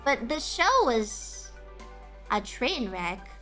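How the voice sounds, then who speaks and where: A woman hosting a casual live stream, chatting with viewers in an animated, profane, ranting way, often breaking into laughter. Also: a little high, drawn-out words, faint music behind. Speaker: livestream host.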